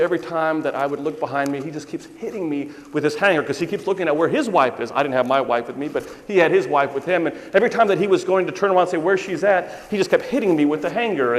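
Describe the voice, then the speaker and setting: A middle-aged man preaching in a church, his voice a little higher than most men's. He tells stories in a relaxed, conversational way and drives his points home with repeated phrases. The sound carries a long reverb from the hall. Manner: storytelling, conversational preaching with emphatic repetition. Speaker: priest. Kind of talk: sermon. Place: church sanctuary.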